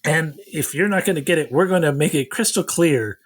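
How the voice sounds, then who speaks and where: A man with a slightly high voice chats casually with a co-host about a movie he watched. He retells scene after scene and slips into quoted lines as he goes. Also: a little fast. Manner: animated storyteller, acts out quotes. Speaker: podcast co-host. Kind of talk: casual chat recapping a film.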